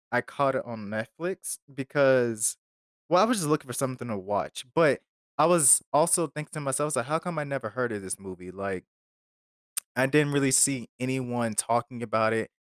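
A man's voice: mid-range voice, no room sound. Rambling, filler-heavy man, dry sound. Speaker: podcast host reviewing a film. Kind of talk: casual chat.

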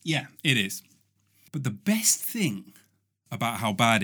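Bright-voiced, unhurried comic host. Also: male voice, mid-range voice, sing-song. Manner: playful, self-mocking, chatty. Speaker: podcast host. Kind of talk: comedic monologue. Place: home in quarantine.

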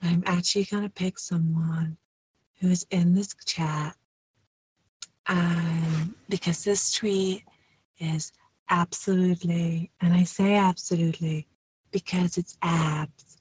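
Breathy-husky woman, slow and breezy; dry close sound. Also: lowish voice, darkish tone, no echo, rough recording. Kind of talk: casual chat.

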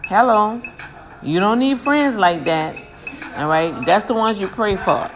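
A woman hosting her own station, giving casual motivational talk and shout-outs, lively and slangy, speaking blessings over listeners. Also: mid-range voice, unhurried. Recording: music playing behind.

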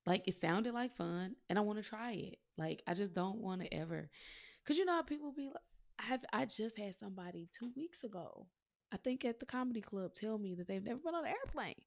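A woman co-hosting a podcast with a gravelly, fry-laden voice at a middle pitch. She talks candidly and jokes freely, with salty language, in loose chat with friends. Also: expressive, a little fast. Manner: candid, joking, profane. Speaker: podcast co-host. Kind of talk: casual chat.

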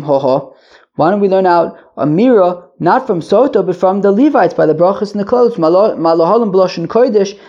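A man's voice: high voice, dark tone, highs cut off. A man teaching a daily Talmud lesson, explaining in plain terms with many fillers and restarts, mixing Hebrew and Yiddish phrases into English.

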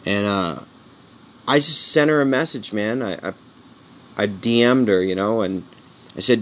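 A man's voice: fairly low pitch, a little slow, long pauses, fairly bright tone. A man in his forties, a comedian, talking in a casual, candid monologue and tossing in "man" and "you know" as he rambles. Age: 40s. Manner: earnest and heartfelt. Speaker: comedian podcast host.

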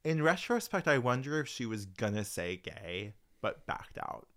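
A man co-hosting a podcast with a slight speech impediment that drops his R's, a New York-area accent, and dry, deadpan quips. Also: mid-range voice, moderate pace. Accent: Long Island and Queens. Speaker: podcast co-host. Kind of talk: casual chat.

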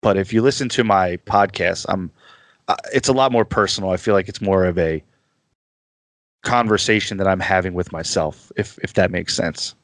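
A man chatting casually as a guest on a podcast, easygoing and quick to laugh at himself. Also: deep voice, no echo, clean studio sound.

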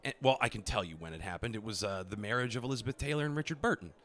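A man co-hosting a comedy podcast with casual chat, dry deadpan quips and tangents. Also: fairly low pitch, very fast. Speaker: podcast co-host.

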